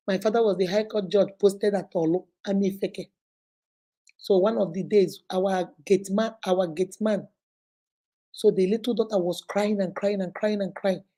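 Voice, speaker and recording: A woman's voice: medium pitch, breathy edge, poor audio. A woman in her thirties with a Nigerian accent, hosting a casual advocacy talk and telling stories animatedly, acting out the people she quotes. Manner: animated storytelling, acts out quoted voices. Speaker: vlog host.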